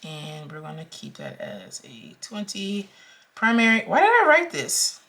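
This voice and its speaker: A woman's voice: medium pitch, wildly swooping pitch, measured pace, a bit bright. A young woman talking casually through her budget as a vlogger, counting out amounts aloud with frequent ums. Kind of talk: casual talk-through while cash stuffing.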